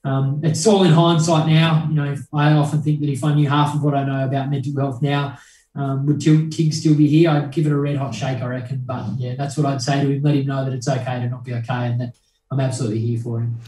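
A man's voice: medium pitch, flat delivery, fast talker, dark tone, slight background noise. A young man, a guest in an interview, speaking earnestly and reflectively with many ums and restarts. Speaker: guest, mental health charity founder. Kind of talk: conversational interview. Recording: roomy echo, mic at a distance.

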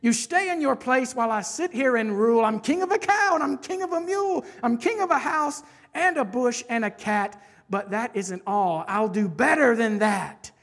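A woman's voice: on the high side, animated, moderate pace, few pauses, pitched above the performer's own voice. A woman voicing a boastful, bossy turtle king who bellows his commands, in a storybook read aloud. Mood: bellowing, proud.

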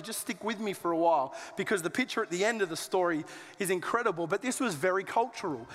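A man's voice: high voice, fairly bright tone, big-room sound. A man preaching a sermon as a pastor, conversational and joking with colloquial asides. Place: church auditorium.

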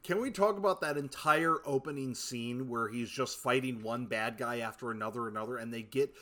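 Excitable man in casual podcast chat. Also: mid-range voice, a little fast. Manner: excitable, laughs easily, swears casually.

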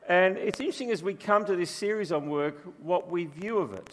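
A man's voice: high voice, fairly quick. A man preaching a sermon as pastor, telling stories in a chatty, humorous way. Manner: chatty storytelling with humour. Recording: long reverb from a large room.

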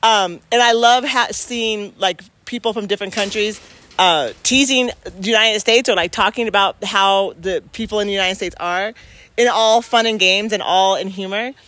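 A woman's voice: medium pitch, normal speed, a bit bright. A woman in casual reflective talk, speaking earnestly and emphatically and restarting her sentences as she thinks aloud.

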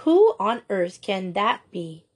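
A woman's voice: mid-range voice, big pitch swings, slow, husky, exaggerated voice. A woman voicing a kindly, gracious young headmistress in a storybook reading.

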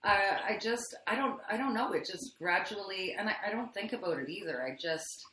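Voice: medium pitch, animated, normal speed, sharp tone. A musician guest talking casually about songwriting, hesitant and laughing often, trailing off mid-thought. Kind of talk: casual interview chat. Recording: echoey room with faint noise.

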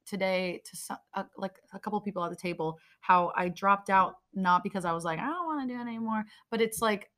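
A woman's voice: medium pitch, a little fast, few pauses, bright, forceful tone. A young woman chatting casually and earnestly, telling a story about an event. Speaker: event panelist. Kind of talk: casual chat.

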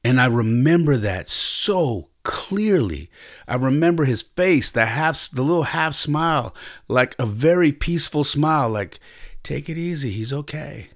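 A man's voice: medium pitch, expressive, a little slow. A man hosting a podcast, telling a personal story in a reflective, earnest way, often stopping and restarting his sentences. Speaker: podcast host.

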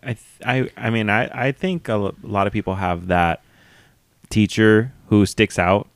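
A young man co-hosting a podcast in casual chat, relaxed and hesitant, often restarting his sentences. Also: fairly low pitch, moderate pace, no room sound. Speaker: podcast co-host.

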